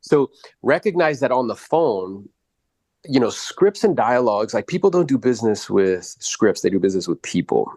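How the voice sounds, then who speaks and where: A man coaching a real estate agent after a live role-play call, animated and blunt, often swearing and acting out quotes in exaggerated voices. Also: mid-range voice, moderate pace, dry recording.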